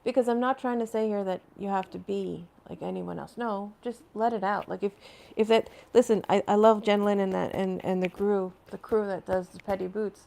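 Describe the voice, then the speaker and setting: A woman's voice: medium pitch, steady tone, normal speed, creaky, dark tone. A woman hosting a casual live stream from home, rambling and chatting as she answers viewer comments, laughing often between phrases.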